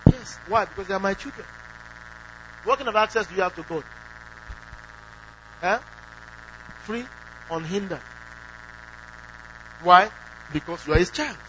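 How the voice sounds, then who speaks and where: A man's voice: high voice, sharp tone. A man preaching a sermon who asks the congregation questions and acts out quoted prayers. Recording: dull lo-fi recording with faint hum.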